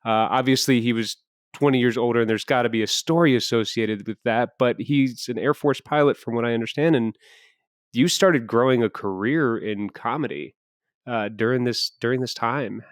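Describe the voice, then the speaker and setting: A man's voice: medium pitch, normal speed, no room sound. Easygoing male podcast host, dry sound. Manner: easygoing, conversational, frequent fillers. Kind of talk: casual podcast interview.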